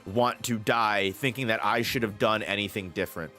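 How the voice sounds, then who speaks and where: A man's voice: lowish voice, normal speed, pushed and bright, faint music behind, voice pushed down. Brash young male Buddha, blunt and swearing, voiced casually by a man. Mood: defiant. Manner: blunt, dismissive, profane.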